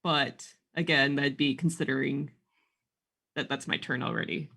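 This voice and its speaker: A woman's voice: a bass voice, steady tone, normal speed, creaky, bright, forceful tone. A woman playing a tabletop game, chatting in an upbeat, teasing way. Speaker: player. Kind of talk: casual tabletop chat.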